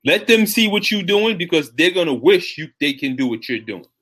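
A man's voice: on the high side, big pitch swings, normal speed, fairly bright tone, slightly rough, low-quality recording. A man interviewing a guest, encouraging her with short affirming replies. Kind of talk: supportive interview.

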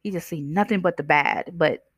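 Low-voiced woman giving self-help advice. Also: moderate pace, breathy edge, no echo, clean studio sound. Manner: conversational, preachy, asks the listener questions; acts out voices in her stories. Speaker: podcast host. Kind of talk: motivational self-help talk.

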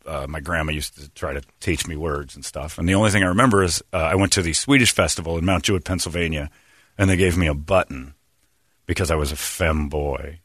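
A man's voice: very deep voice, brisk, a bit bright, dry recording, studio quality. A middle-aged man hosting a podcast, telling rambling, crude, jokey stories in casual chat. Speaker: podcast host.

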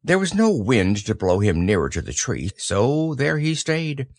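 A man reading a children's story aloud in a gentle, unhurried way. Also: mid-range voice, sing-song, dry recording, clean studio sound.

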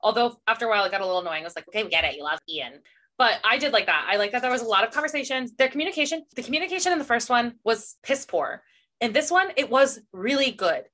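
A woman talking fast and eagerly as a podcast co-host, gushing about characters and scenes. Her voice is bright and fairly high, and she throws in playful groans of disgust. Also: animated. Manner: quick, enthusiastic, reacts with playful disgust sounds. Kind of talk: casual book chat.

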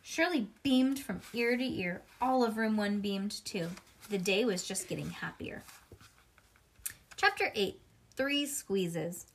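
A woman reading a children's book aloud in a lively way, now and then pausing to chat with a child beside her. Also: mid-range voice, slight background noise. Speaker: reader.

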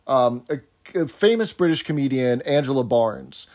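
A man's voice: medium pitch, expressive, normal speed, a little mellow. A man co-hosting a casual chat, explaining and telling stories with asides. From New York City area. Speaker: podcast co-host.

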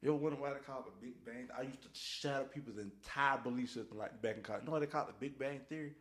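A podcast co-host with a medium-pitched voice talks very fast in a casual faith chat. He tells Bible stories with animation, acting out voices and shouting.

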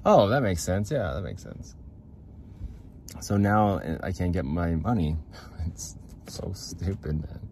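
Casting: low-pitched man, rambling laid-back podcast host, goofy and self-mocking, faint hiss behind. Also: slow pace, long pauses, darkish tone. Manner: goofy, rambling, laughs at himself. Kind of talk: casual solo podcast rambling.

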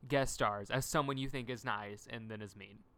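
A woman co-hosting a podcast, chatting casually about a TV episode and acting out lines in quick impressions. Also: a bass voice. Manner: animated, acts out character lines in quick impressions. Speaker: podcast co-host. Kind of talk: casual chat recapping a TV episode.

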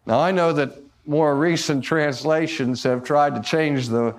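Slow, emphatic male preacher. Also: a little high. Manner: slow, deliberate delivery with emphatic rises on key words; rhetorical questions to the audience. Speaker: preacher and teacher. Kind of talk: theological lecture-sermon.

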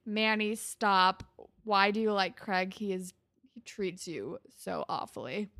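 Gravelly young woman, chatty and sarcastic. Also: medium pitch, slow, a bit bright, no room sound, clean studio sound. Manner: chatty, sarcastic, heavy use of "like". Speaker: podcast co-host. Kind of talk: casual chat recapping a TV episode.

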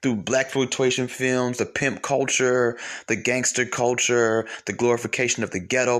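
A man's voice: medium pitch, fairly bright tone. A young man talking in a heated, casual monologue, swearing and repeating himself, his voice climbing when he gets worked up.

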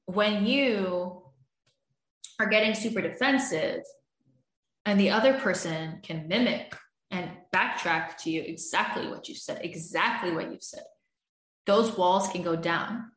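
A woman's voice: medium pitch, takes it slowly, pauses often, fairly bright tone, reverberant. A woman, a relationship coach, explaining communication in an earnest, explanatory way and acting out what partners say to each other. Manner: earnest, explanatory, acts out couples' arguments. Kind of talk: advice podcast monologue.

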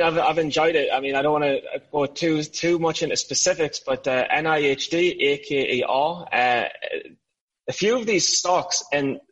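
A young man hosts a casual podcast with a lightly teasing, joking manner. His voice sits somewhat high for a man, and he talks loosely and informally. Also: husky, lo-fi sound. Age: young adult. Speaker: podcast host. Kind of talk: casual chat.

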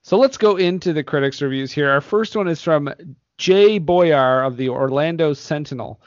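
A man's voice: on the high side, moderate pace, dry recording, highs cut off. Giggly man hosting a movie podcast. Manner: laughs often, reads reviews aloud. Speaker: podcast host. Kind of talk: casual movie podcast chat.

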